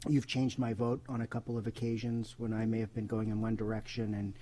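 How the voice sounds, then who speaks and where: Male board member, low and monotone, hesitant tribute at a public meeting. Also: brisk. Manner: hesitant, many uh and um fillers.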